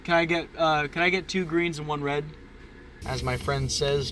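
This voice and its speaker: A man's voice: fairly high pitch, fairly even intonation, moderate pace, background noise. A man reviewing food from his car at a drive-thru, rambling in a self-mocking, jokey way. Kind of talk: comedic vlog monologue.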